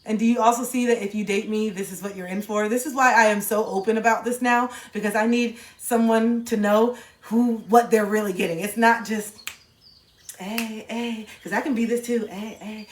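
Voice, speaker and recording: Playful female streamer, casual chat to viewers, animated, goofy sound bits, echoey room. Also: on the high side, fairly quick, hardly any pauses. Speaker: livestream host talking to chat.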